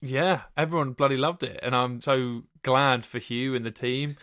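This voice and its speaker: A man's voice: mid-range voice, fairly even intonation, normal speed, fairly bright tone, no echo. A man co-hosting a podcast in a loose, joking chat, often restarting his sentences. His voice sits in an ordinary middle range. The recording is dry and close. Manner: chatty, jokey, with restarts. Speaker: podcast co-host. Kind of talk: casual chat.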